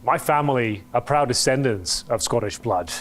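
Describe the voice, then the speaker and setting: A man's voice: medium pitch, expressive, moderate pace, a little hiss or hum, close to an everyday voice. A man playing a pompous self-styled survivalist. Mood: haughty. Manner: pompous, condescending. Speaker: skit character.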